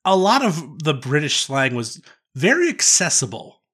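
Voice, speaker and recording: A man's voice: a little high, big pitch swings, moderate pace, a bit bright, husky. A man chatting casually on a podcast in an easygoing, agreeable way. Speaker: podcast co-host.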